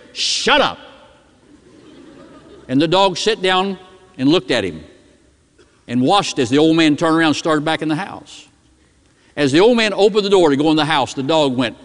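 Middle-aged guy preaching, slightly high voice, long church reverb. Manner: storytelling preacher, dramatic drops in pitch and volume. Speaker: pastor. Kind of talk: sermon.

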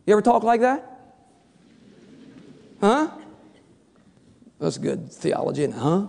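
A man preaching a sermon, animated and joking, firing rhetorical questions at his congregation. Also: high-pitched, slow pace, vocal fry, long pauses. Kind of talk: sermon with humorous stories. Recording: long hall reverb.

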